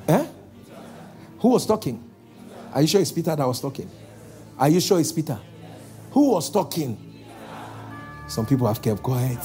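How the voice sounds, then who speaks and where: A man preaching a sermon as pastor, calling out to the congregation and slowing down for emphatic lines. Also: fairly high pitch. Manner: calls out to the congregation, shifting between loud exhortation and slow emphatic lines.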